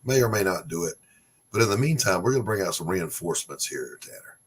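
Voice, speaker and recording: A man's voice: low voice, expressive, fast, very noisy. A middle-aged man hosting a podcast, rambling and self-deprecating as he chats with his guests. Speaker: podcast host. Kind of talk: casual chat.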